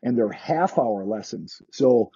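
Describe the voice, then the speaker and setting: Dark, husky-voiced chatty man. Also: medium pitch, lively intonation, slow pace, no echo, muffled recording. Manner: chatty, restarts sentences, acts out quoted kids. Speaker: skating instructor. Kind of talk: casual podcast interview.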